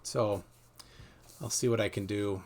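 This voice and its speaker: A man hosting a casual livestream debate, talking in halting bursts with lots of fillers. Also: lowish voice, steady tone, crowd noise. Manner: halting, many fillers, chatty. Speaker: livestream host.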